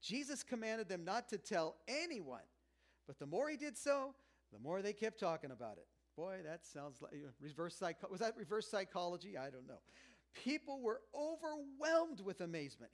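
Man preaching with swings from loud to hushed. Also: high voice, very animated, normal speed. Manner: conversational and joking, swinging between loud and hushed. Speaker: pastor. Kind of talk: sermon.

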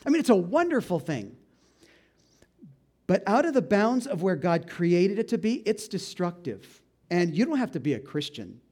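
A male pastor preaching a sermon, animated and joking, with asides and laughter between Bible readings. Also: high voice, normal speed.

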